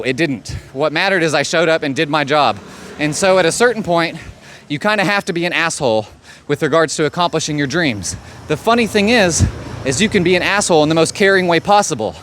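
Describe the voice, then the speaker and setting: A man's voice: fairly high pitch, animated, brisk, a bit bright. A man giving a blunt, profane motivational monologue as a life coach. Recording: faint street noise behind.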